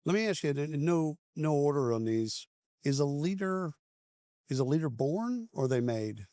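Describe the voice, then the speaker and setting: A man hosting a casual interview at a conference, upbeat and encouraging, firing off quick follow-up questions. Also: fairly high pitch, lively intonation, dark tone, no room sound, clean studio sound. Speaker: podcast host. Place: conference venue.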